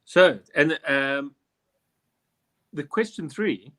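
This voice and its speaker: A man's voice: fairly high pitch, drawn-out words, bright, forceful tone. A man from South Africa hosting a comedy quiz, rambling and mocking himself between questions. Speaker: quiz host. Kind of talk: joking quiz banter.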